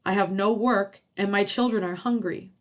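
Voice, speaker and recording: A woman storyteller voicing a desperate male undertaker who begs slowly for help. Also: mid-range voice, lightly acted. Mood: begging.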